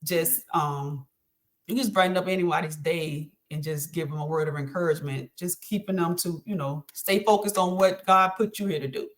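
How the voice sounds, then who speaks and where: A middle-aged woman whose voice sits on the low side speaks at a moderate pace as a guest on the podcast her child hosts. In this casual conversation she earnestly discusses faith and encouragement, saying um frequently.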